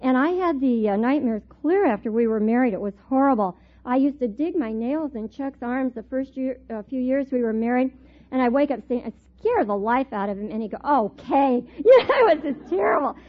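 A middle-aged woman with a fairly high voice teaching a Bible class. She tells her stories in an animated way and laughs often. The recording is thin and tinny, like a phone line. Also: brisk. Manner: animated storyteller, laughs often while telling.

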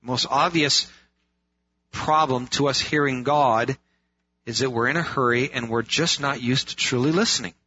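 A man's voice: medium pitch, normal speed, bright, forceful tone, husky. A man preaching a sermon in an earnest way, asking rhetorical questions and repeating phrases for emphasis. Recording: dull lo-fi sound.

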